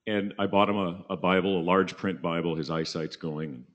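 A man's voice: low voice, dull audio. A man preaching through a personal story in a casual, joking way, slipping into voices. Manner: casual, jokey, animated, does voices. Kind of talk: sermon storytelling.

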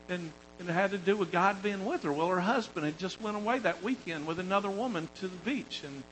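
A man preaching a sermon, talking to the congregation in an animated, conversational way that swings from loud emphasis to quiet storytelling. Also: high-pitched, a little hiss or hum, rough recording.

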